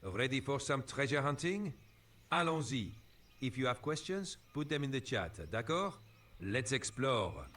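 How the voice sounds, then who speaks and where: A man's voice: medium pitch, big pitch swings, unhurried, fairly bright tone. A synthetic male voice with a put-on French accent, acting as an upbeat AI co-host on a game stream. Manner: upbeat, chirpy stream patter. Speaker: AI chatbot co-host.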